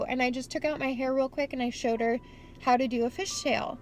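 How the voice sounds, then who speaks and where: A young woman with a slightly high voice, chatting candidly to camera. She swears freely. Faint music plays behind her outdoors. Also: steady tone, fairly quick, a little mellow. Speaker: vlogger. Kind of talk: casual vlog chat. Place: outdoors at a skate spot.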